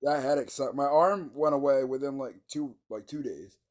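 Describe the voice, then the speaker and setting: A man's voice: mid-range voice, moderate pace, darkish tone. A laid-back man co-hosting a podcast in casual chat, with hiccups, giving short agreeing replies and swearing casually. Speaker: podcast co-host.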